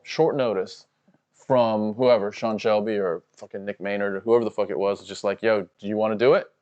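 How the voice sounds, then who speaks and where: A man's voice: on the low side, a little mellow, lo-fi sound. A man co-hosting a live fight watch-along stream, giving casual, profane, analytical commentary full of "you know" fillers.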